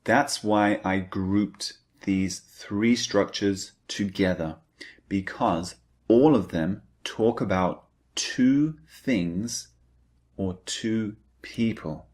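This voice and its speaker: A man's voice: fairly low pitch, drawn-out words, a little mellow. A man teaching an English grammar lesson, who repeats key points and stresses the target words. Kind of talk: slow, deliberate grammar lecture.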